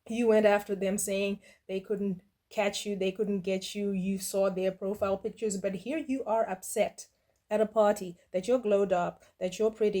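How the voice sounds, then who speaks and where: A middle-aged woman hosting a reaction video, talking in a sassy, blunt and mocking way, with quick dismissive asides. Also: mid-range voice, dark tone. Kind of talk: casual reaction commentary.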